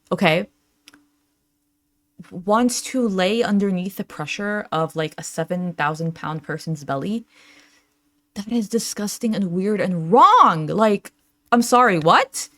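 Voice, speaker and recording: A woman's voice: medium pitch, expressive, slow, a bit bright, no room sound. A young adult woman hosting a reaction channel, talking casually with lots of fillers and frequent laughs as she reads out chat messages.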